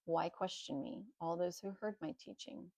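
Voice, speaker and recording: A woman reading aloud the calm, measured replies of a grown man on trial. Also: lowish voice, no echo.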